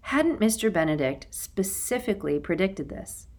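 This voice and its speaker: A woman's voice: medium pitch, normal speed. Woman narrating a children's audiobook. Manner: expressive storytelling. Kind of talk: scripted narration.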